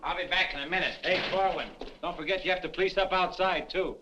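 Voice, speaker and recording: A man playing a young army sergeant in a 1950s film, brisk and commanding as he gives orders. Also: high-pitched, steady tone, lo-fi sound, natural voice. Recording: noisy old film soundtrack.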